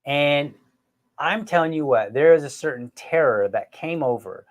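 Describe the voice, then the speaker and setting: Middle-aged guy hosting a podcast, animated storyteller, pokes fun at himself, talks right to the folks listening. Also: fairly high pitch, normal speed. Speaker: podcast host. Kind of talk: casual storytelling chat.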